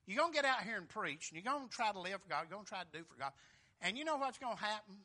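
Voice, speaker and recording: A man preaching a sermon in a folksy, emphatic way, swinging between loud and soft. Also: sits high, expressive, racing.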